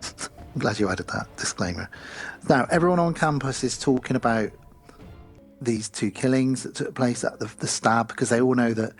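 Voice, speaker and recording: A man's voice: medium pitch, moderate pace, faint music behind. A man co-hosting a podcast, rambling chattily through a film recap with many ums. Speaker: podcast co-host. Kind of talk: casual chat recapping a film.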